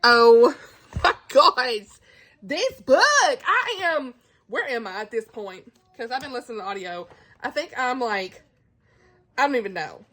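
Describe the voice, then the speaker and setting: A woman's voice: fairly high pitch, sing-song, moderate pace, pushed and bright. A woman vlogging casually into her phone camera at home, gushing and laughing about a book. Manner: gushing, emotional, laughs often, says like a lot. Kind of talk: casual reading vlog to camera. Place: at home indoors.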